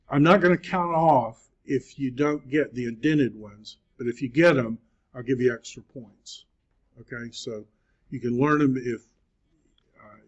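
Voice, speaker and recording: A man with a mid-range, darkish voice teaches biblical Greek to a class in a classroom lecture. He's slow, deliberate, patient, and encouraging, pausing often with many "uh"s, and the recording sounds muffled and lo-fi.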